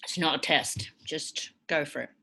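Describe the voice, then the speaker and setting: A woman's voice: low voice, steady tone, moderate pace, creaky, bright, forceful tone, slightly rough. A woman with a British accent giving a university lecture, patiently explaining with frequent ums and okays. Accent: British English.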